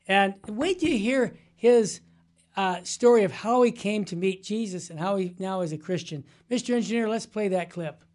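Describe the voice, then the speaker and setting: A woman's voice: mid-range voice, animated, normal speed, darkish tone. A woman co-hosting a talk show who speaks with an enthusiastic, exclamatory manner. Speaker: show co-host. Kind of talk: lively broadcast talk-show chat.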